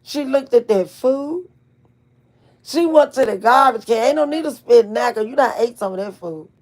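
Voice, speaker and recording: A middle-aged woman telling a family story to her viewers in a casual, animated, folksy way, cursing freely. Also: a little high, moderate pace. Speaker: channel host.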